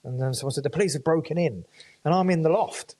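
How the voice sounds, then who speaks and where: A man, a podcast guest in casual chat, telling his own story in an animated way and swearing often. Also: a little high, quick pace.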